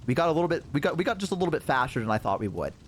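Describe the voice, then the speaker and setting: A man's voice: on the high side, very fast, slight background noise. A man streaming as a VTuber, telling a personal story in a casual, rambling way, swearing often. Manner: animated, profane, rambling with fillers.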